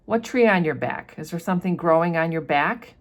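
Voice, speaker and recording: Woman reading a calm, steady grown man, reasoning and protective, her own lowish voice. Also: fairly quick, lightly acted.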